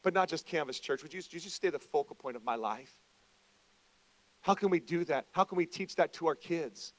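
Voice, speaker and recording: A pastor preaching a conversational sermon, dropping into quiet reflection and rising into loud, emphatic preaching. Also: male voice, a little high, lively intonation, fairly quick, low-quality recording.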